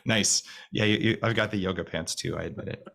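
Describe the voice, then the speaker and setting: A man talking fast and rambling to a group on a call, with many restarts. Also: fairly low pitch, vocal fry. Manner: fast talker with restarts, slows voice to demonstrate calm. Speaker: guest speaker on a video call.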